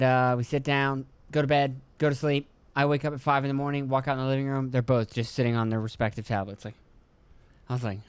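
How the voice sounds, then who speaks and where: Young guy from rural pennsylvania cussing and rambling about his day, smooth voice, dry close sound. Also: medium pitch, dry recording. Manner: profane, joking, acts out his kids and himself in quick voices. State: throat clearing, phlegmy. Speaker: podcast host. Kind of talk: casual rambling monologue.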